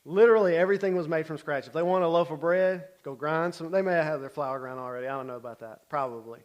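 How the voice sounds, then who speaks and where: Man preaching, fairly high voice, conversational, keeps asking okay, animated loud and soft swings. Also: fast, muffled recording. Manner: conversational, checks in with frequent "okay?"; animated, shifts between loud bursts and quiet asides. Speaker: Bible teacher. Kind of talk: casual sermon teaching.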